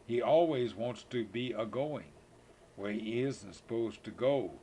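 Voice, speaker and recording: A man's voice: mid-range voice, animated, a little slow, warm tone, slight background noise. An older man, a grandfather, reading children's poems aloud in a sing-song way, now and then slipping and rereading a line.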